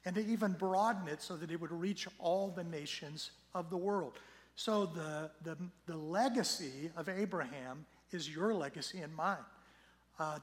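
A middle-aged male pastor with a slightly hoarse voice, preaching a sermon in a conversational, storytelling way and swelling louder when he reads scripture. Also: high voice. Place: church sanctuary. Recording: long church hall reverb.

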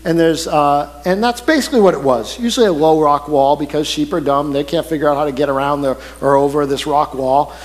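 High-voiced man preaching in a reverberant hall. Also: a little fast, hardly any pauses. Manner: conversational, animated storytelling. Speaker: pastor. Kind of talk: sermon.

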